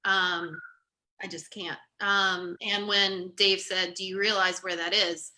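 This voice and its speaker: A woman guest speaks very slowly and hesitantly, pausing often. Her tone is sharp and tense. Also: mid-range voice, flat delivery. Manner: soft, hesitant, many pauses.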